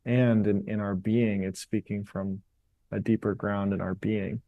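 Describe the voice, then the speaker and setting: A man as a podcast guest, calmly and reflectively explaining ideas in an interview. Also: lowish voice, dry recording, phone-quality sound. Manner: calm, explanatory, unhurried. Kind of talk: reflective interview talk on meditation.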